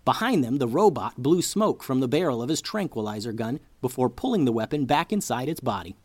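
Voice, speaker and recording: A man narrating a kids' story in an animated storyteller's voice, his pitch rising and falling with lively swings. The read is dry and close to the mic, with no room sound. He hosts the show himself. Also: a little fast, dry recording. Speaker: children's story podcast host.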